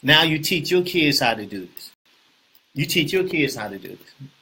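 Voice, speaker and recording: This man speaks, with a bright voice that has a husky edge. He hosts a casual real estate talk, animated and preachy, repeating his main points and asking his viewers whether they are following along. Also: on the high side, moderate pace. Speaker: host.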